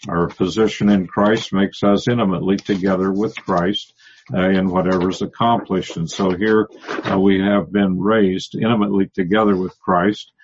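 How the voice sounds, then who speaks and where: A man teaching a Bible passage verse by verse, pausing often and restarting, explaining the Greek words. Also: low-pitched, fairly even intonation, highs cut off, a little hiss or hum. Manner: halting, many restarts and fillers, explains Greek word by word. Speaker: preacher.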